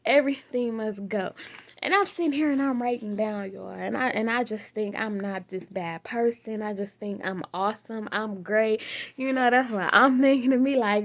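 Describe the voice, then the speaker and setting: A woman giving a casual faith talk to her phone camera, animated and swinging from loud laughter to hushed near-whispers. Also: medium pitch, normal speed. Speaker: vlogger.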